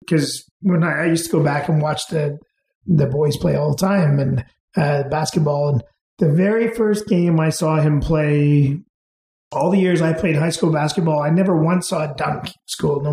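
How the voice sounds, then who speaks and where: A man, raised in Canada, telling relaxed, rambling stories as an interview guest, with plenty of fillers and restarts. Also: a little high, normal speed, roomy sound, a little hiss or hum. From England, raised in Canada. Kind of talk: casual storytelling.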